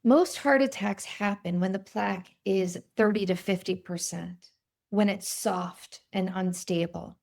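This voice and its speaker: A woman in her fifties, a cardiologist guest, telling stories in an interview in a vivid, animated way. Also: mid-range voice, measured pace, creaky. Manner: animated, vivid storytelling with quoted voices. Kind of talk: storytelling in a podcast interview.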